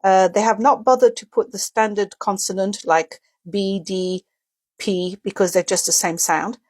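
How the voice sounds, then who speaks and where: A woman teaching a relaxed lesson on pronunciation symbols, working through each point step by step. She sounds out example words slowly and often checks in with the listener. Her talk is loose and unscripted, with small slips and quick self-corrections. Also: medium pitch. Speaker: English teacher. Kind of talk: casual video lesson.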